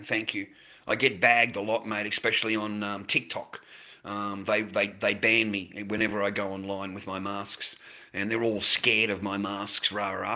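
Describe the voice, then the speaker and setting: Sweary Australian man ranting, bright voice. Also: mid-range voice. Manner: profane, swears constantly, ranting. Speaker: vlogger selling handmade masks. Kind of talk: casual rant to camera.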